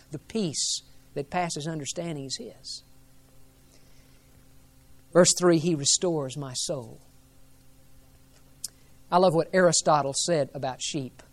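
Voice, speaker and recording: A male pastor preaching a sermon in an earnest, reverent way, building to emphatic rises. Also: high-pitched.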